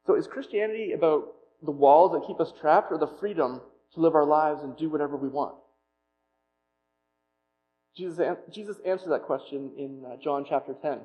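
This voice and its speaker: A man telling a personal story as a pastor in a sermon, with self-deprecating humor and animated retelling. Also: fairly high pitch, normal speed, lo-fi sound.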